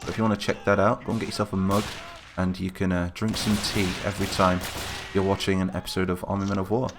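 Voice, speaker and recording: A man hosting casual, chatty game commentary, getting excited and calling out to the troops as he plays. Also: deep voice, fast talker, noisy background. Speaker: gaming channel host. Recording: game gunfire and explosions behind voice.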